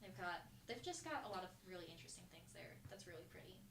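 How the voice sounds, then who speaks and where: A woman chats and giggles through a relaxed podcast, telling loose anecdotes. She sounds a little distant from the mic. The room echoes and faint noise hums underneath. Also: lowish voice, quick pace, creaky. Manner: giggly, chatty storyteller. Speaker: podcast co-host. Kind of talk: casual chat.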